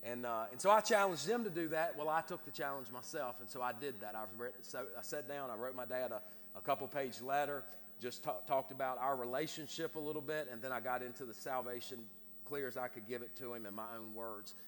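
Preacher, man, quick sermon storytelling with stammered restarts, echoing church sanctuary. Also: mid-range voice. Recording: reverberant hall with faint noise.

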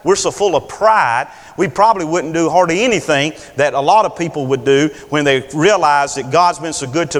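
A man preaching a sermon with lively delivery, acting out the voices of biblical figures. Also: a little high, big-room sound.

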